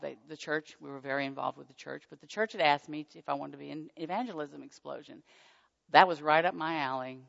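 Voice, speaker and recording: A woman telling a personal faith testimony in an animated storytelling manner. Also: sits low, vocal fry. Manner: animated storytelling, squealing excited quotes. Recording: dull muffled sound with long hall reverb.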